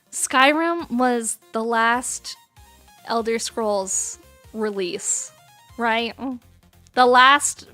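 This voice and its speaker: A woman's voice: a little high, sharp tone. A woman in her thirties chatting casually on a livestream, playful, laughing often and swearing freely. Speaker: streamer.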